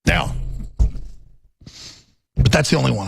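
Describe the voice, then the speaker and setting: Gravelly, husky-voiced male talk radio host. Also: fairly high pitch, lively intonation, normal speed, no room sound, studio quality. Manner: impassioned ranting, swings from loud to muttering.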